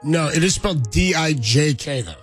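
A man's voice: a little high, expressive, moderate pace, faint music behind. A man hosting a sports radio show, reading listener letters and laughing in easygoing banter.

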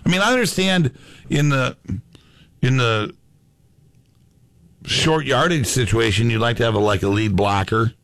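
A man's voice: medium pitch, a little slow, pauses often, fairly bright tone, dry recording. A man hosting a sports radio show, chatting casually and reading out listener messages. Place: radio studio.

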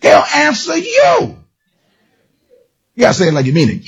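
A man preaching a sermon with a raspy voice, often shouting and sliding into a singsong lilt. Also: very high-pitched, a little slow, long pauses. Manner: animated, shouting, singsong emphasis. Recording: dull lo-fi recording.

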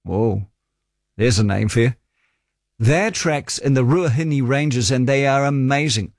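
A man's voice: medium pitch, unhurried, dry recording, studio quality. A man in his forties with a New Zealand accent, hosting a talkback radio show and telling stories in a chatty, wry way.

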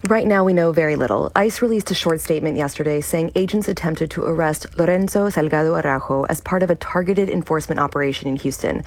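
Woman reporter, low voice with gravelly fry, measured factual radio news delivery. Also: darkish tone.

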